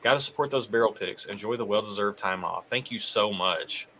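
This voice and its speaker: A man with a Southern US accent hosts a casual live stream, upbeat and thanking viewers. His voice is low in pitch yet bright. Faint noise hums behind him. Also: a little fast, poor audio. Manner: upbeat, reads out viewer comments. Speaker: host.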